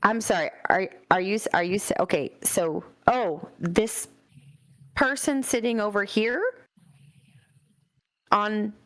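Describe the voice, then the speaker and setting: A woman's voice: medium pitch, takes it slowly, pauses often, a bit bright, no room sound. A woman playing a tabletop game, talking hesitantly with many fillers. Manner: hesitant, filler-heavy, laughing easily. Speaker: player. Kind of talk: casual tabletop game play.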